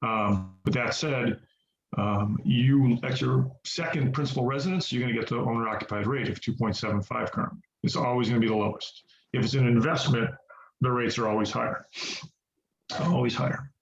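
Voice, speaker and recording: A male trainer talking casually to a group about investing, repeating himself for emphasis. His voice sits at an ordinary pitch. The call sound is roomy and a bit dull, with a faint hiss underneath. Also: brisk, gravelly. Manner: folksy, repeats for emphasis, addresses listeners as guys. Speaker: real estate investing trainer. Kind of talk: conversational teaching on a group call.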